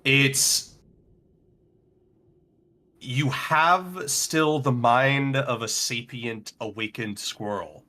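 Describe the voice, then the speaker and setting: A man narrating a tabletop role-playing game as game master in a relaxed, playful way. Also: medium pitch, very slow, long pauses.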